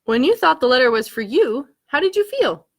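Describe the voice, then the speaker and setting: A woman voicing a small, gentle forest mouse in a picture book read aloud, speaking softly and slowly. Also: high-pitched, sing-song, full character voice. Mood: tender.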